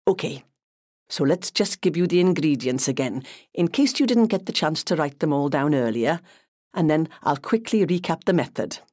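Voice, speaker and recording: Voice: medium pitch, animated, moderate pace, darkish tone, dry recording, studio quality, natural voice. A narrator voicing a cheery male Welsh TV chef from North Wales, full of beaming showman patter, in an audiobook.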